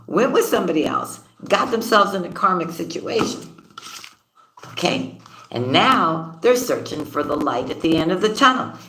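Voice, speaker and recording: A woman's voice: mid-range voice, bright, forceful tone, a little hiss or hum. A woman giving a casual tarot reading, laughing often and repeating her phrases. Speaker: tarot card reader. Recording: roomy echoey room.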